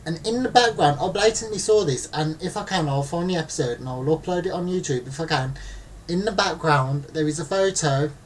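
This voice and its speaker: A man co-hosting a casual chat, telling stories in an animated way and mimicking people in exaggerated voices. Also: on the high side, a little fast, hardly any pauses. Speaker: podcast co-host. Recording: distant mic with faint background noise.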